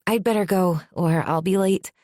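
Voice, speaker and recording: A woman's voice: lowish voice, moderate pace, darkish tone, no room sound, studio quality, lightly acted. A woman voicing an earnest young village girl who chatters eagerly.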